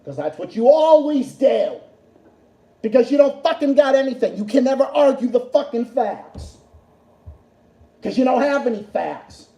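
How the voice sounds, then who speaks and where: A man rants into his livestream, cursing constantly and hammering the same points over and over. His voice is dark and mellow even at full fury, and it rings in an echoey room. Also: extremely high pitch, normal speed, vocal fry. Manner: profane, furious, repetitive. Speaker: livestream host. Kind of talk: angry political rant.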